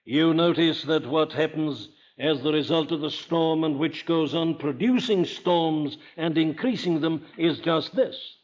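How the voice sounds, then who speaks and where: Older Welsh-accented preacher, emphatic and questioning, fairly high voice, dull lo-fi sound. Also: male voice, measured pace, few pauses. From Wales. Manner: emphatic, rhetorical questions, rising to forceful declarations. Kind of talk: sermon. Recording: dull lo-fi archival sermon recording.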